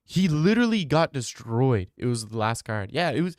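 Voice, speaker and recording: A young streamer reads his live chat aloud and chats casually, rambling, opinionated and repetitive. His medium-pitched voice is sing-song and a little mellow at a moderate pace, recorded with clean studio sound and no room echo.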